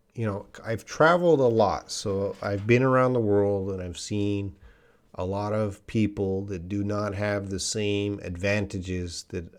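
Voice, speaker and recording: A man, teaching English on a live stream, chatting casually and often restarting his sentences. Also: fairly low pitch. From Canada. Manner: casual, restarts often, reads viewer comments aloud.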